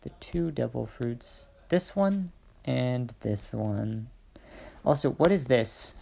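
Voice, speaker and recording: Young male hobby narrator; gravelly, casual, hesitant reading with asides. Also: mid-range voice, slow pace, a little mellow. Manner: rambling asides, hesitant fillers. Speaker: fan fiction narrator.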